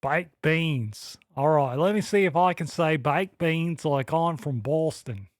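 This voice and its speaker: A man's voice: fairly high pitch, measured pace, dry recording. Playful man on a dry close mic. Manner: playful, teasing, tries out accents. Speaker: podcast co-host. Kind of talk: casual joking chat.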